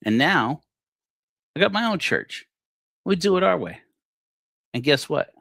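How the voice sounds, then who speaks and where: A man in his forties telling a personal story on a livestream, acting out the dialogue with animated shifts in his voice. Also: on the high side, unhurried, gravelly, dry recording, studio quality. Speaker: livestream host.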